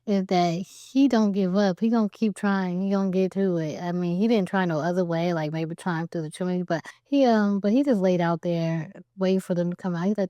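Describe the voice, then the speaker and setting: A woman's voice: mid-range voice, dark tone, no echo. A woman casually retelling a fairytale for laughs, in heavy slang with joking asides. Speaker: storyteller.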